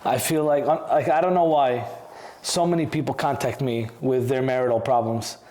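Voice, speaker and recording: A man's voice: mid-range voice, steady tone, normal speed, darkish tone, echoey room. A man in his thirties co-hosting a casual podcast, speaking in a personal, hesitant way with frequent restarts. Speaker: podcast co-host.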